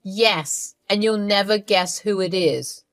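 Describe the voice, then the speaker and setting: Woman voicing a gloating mother-in-law, smug, mid-pitched, dry. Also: takes it slowly, fairly bright tone, dry recording.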